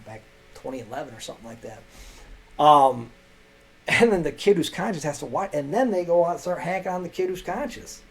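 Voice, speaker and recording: Gravelly man telling stories, rambling. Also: medium pitch, a little hiss or hum, low-quality recording. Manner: animated, rambling with restarts, loud bursts when quoting himself. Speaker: podcast guest telling teaching stories. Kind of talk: casual storytelling.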